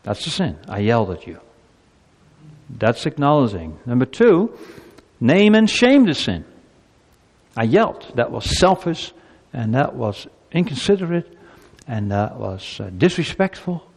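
This sermon comes from a man whose mid-range voice is slightly rough and measured in pace. As a pastor he speaks animatedly, acting out quoted speech between people, with a long hall reverb on the recording.

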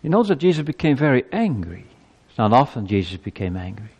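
A man's voice: medium pitch, sing-song, fast, a little mellow, breathy edge. Man preaching in an echoey church. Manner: earnest, emphatic preaching with rising intensity. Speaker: pastor. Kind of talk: sermon. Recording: long reverb of a church hall.

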